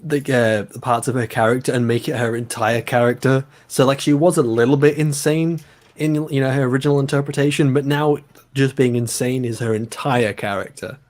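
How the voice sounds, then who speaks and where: A man's voice: mid-range voice, fairly even intonation, a little mellow. A man from northern England with a Northern English accent, in casual, sarcastic chat as a stream co-host. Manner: sarcastic, swears freely, talks fast when arguing.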